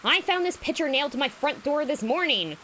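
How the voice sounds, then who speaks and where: A woman's voice: high-pitched, sing-song, brisk, pushed and bright, a little hiss or hum, voice pushed up, heavily acted, poor audio. A woman voicing an eager, washed-up male detective in a fanfiction reading. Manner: earnest, eager.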